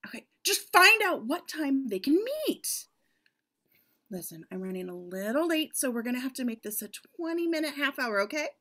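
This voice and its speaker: A woman voicing a busy, polished professional woman chatting briskly on a phone in an amateur audio drama. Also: high-pitched, very animated, pushed and bright, heavily acted. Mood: breezy. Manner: brisk, breezy, talking on a phone.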